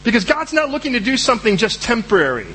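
Preacher, male, high voice, animated delivery, acts out characters, slight background hum. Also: fast talker, rough recording. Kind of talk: sermon.

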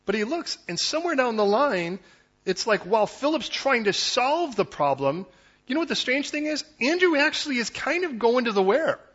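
A man preaching a sermon as pastor, animated and conversational, acting out the people in his story. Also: very high-pitched, muffled recording.

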